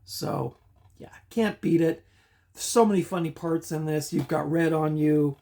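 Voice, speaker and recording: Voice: medium pitch, measured pace, creaky, dark tone, slight background noise. A middle-aged host talks through recent movie viewing in a loose, casual home vlog. The talk wanders and stalls often, with frequent fillers and sighs, in a mid-range voice. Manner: rambling and hesitant, many fillers and sighs. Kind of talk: casual movie review chat. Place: home apartment.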